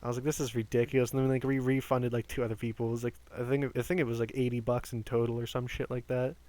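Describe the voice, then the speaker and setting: A man in his twenties telling rambling work stories on a game stream, animated, swearing often and stumbling over restarts. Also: mid-range voice, quick pace, no room sound. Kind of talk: casual storytelling while gaming.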